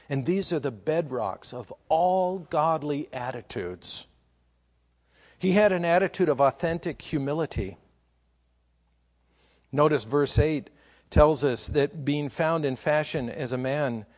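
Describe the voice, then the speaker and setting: A man preaching a sermon, asking rhetorical questions and building to slow, emphatic repetitions. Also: mid-range voice. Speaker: pastor.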